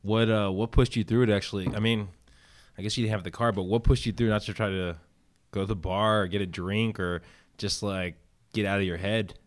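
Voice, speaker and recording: A man's voice: lowish voice, steady tone, fairly quick. A man interviewing a guest, reacting briefly and asking probing questions. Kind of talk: casual interview.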